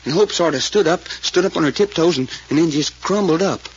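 An actor playing a homespun, plainspoken male sidekick, retelling events with rustic grammar and halting restarts, in 1940s radio acting. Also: on the high side, breathy edge. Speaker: witness recounting events. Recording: dull lo-fi old radio recording.

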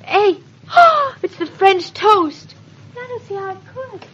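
A lively young wife from a vintage radio comedy, her voice high and bright as she chatters and teases. She rattles off her lines with girlish banter. The recording is muffled and lo-fi, like an old broadcast disc. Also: measured pace, slight background noise. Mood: suspicious. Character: lively, suspicious young wife, quick-witted. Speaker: radio drama actress. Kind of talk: 1940s radio acting. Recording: dull lo-fi vintage radio transcription.

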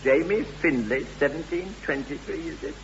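A man's voice: a little high, moderate pace, slight background noise, lightly acted. An actor playing a pompous, flustered English businessman with a plummy manner, in a comic radio play. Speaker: buyer of a castle. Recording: dull lo-fi old radio recording.

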